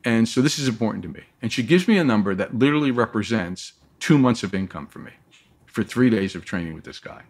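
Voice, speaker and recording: A man with a lowish voice speaks at a quick pace as an interview guest, telling a long personal story. He's lively and acts out the voices of the people he quotes.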